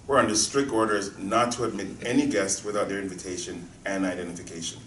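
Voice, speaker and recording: An actor reading a courteous, formal and steady security guard in a screenplay reading. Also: male voice, low-pitched, fast talker. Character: polite, firm male security guard. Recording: roomy distant sound with faint noise.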